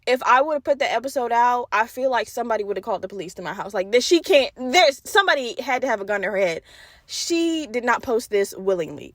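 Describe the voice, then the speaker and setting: On a dry, studio-quality recording, a young woman with a slightly high voice chats casually on her solo podcast. She's lively, laughing and cursing, stutters a little, and addresses her listeners directly.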